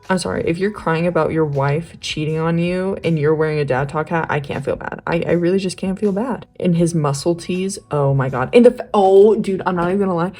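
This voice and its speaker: A young woman art vlogger chats casually while drawing, rambling with plenty of fillers and slang. Her voice is fairly low in pitch with a darkish tone.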